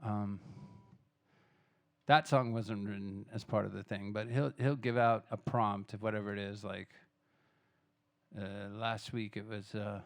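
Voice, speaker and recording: A man's voice: lowish voice, fairly even intonation, unhurried. A man from Texas, a singer-songwriter in a live music club, rambling loosely between songs, restarting himself and swearing casually. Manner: loose, chatty, self-interrupting, swears casually.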